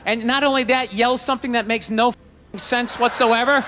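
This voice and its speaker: Guy doing stand-up, real high bright voice, swears a lot and rants. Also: steady tone, normal speed, some chatter behind, slight background noise. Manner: ranting, profane storytelling that builds to outbursts. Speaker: stand-up comedian. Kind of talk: stand-up comedy set. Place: comedy stage in front of a live audience.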